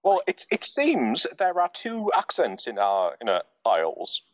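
A man in relaxed podcast chat, his pitch jumping about lively as he rambles through loose, filler-heavy sentences. The audio is dull and lo-fi, and very dry with no room sound at all. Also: a little slow, dry recording. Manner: rambling, many "you know" fillers. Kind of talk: casual chat.

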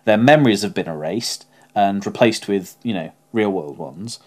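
A podcast co-host chats casually in a lowish, darkish voice at a normal speed. He sounds hesitant, leaning on lots of fillers.

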